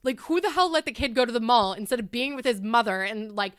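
A woman hosting a casual podcast chat, animated and swearing, acting out quotes. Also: a little high, fast talker, smooth, dry recording, studio quality. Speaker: podcast host.

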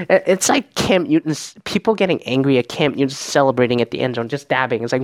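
Gravelly, profane man ranting. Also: medium pitch, quick pace, few pauses, no room sound. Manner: profane, sarcastic, animated ranting. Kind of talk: casual reality-show recap.

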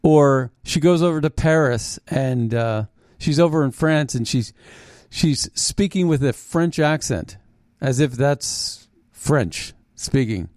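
Man, political commentary host, mocking tone, halting restarts, middle pitch, dry close sound. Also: a little mellow, no room sound. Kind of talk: opinionated commentary monologue.

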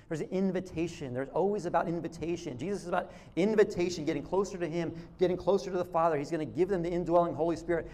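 High-voiced casual male preacher. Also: animated, fast talker, mellow. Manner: conversational, acts out dialogues, frequent restarts. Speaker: pastor. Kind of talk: sermon.

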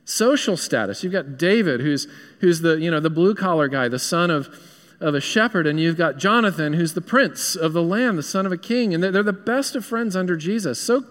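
A man's voice: on the high side, lively intonation, normal speed, a bit bright, long reverb tail. A man with a Southern US accent, a pastor preaching an earnest, conversational sermon in a church. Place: church sanctuary.

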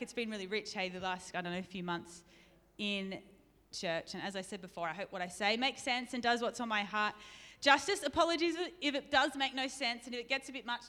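A bright, forceful woman giving a sermon in a chatty, self-deprecating way, laughing often. Her voice sits a little high and carries a long reverb from the church hall. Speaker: preacher.

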